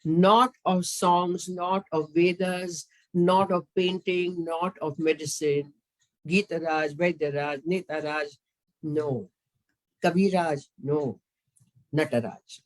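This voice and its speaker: A woman from India with an Indian accent, giving a formal lecture as a classical dancer, with emphatic delivery and sweeping swings in pitch. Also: steady tone, takes it slowly, poor audio.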